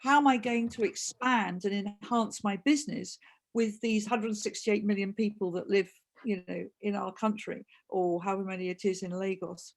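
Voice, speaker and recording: A woman speaking in a webinar discussion with a gravelly edge to her voice. She talks earnestly and often restarts her phrases. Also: medium pitch, steady tone, moderate pace. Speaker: co-host and consultant.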